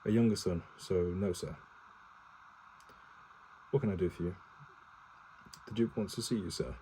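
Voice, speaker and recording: A man's voice: deep voice, unhurried, mellow, slight background noise, low-quality recording. A man reading a war novel aloud for his partner in a casual home read-aloud, stumbling and correcting himself, with swearing asides and no character voices.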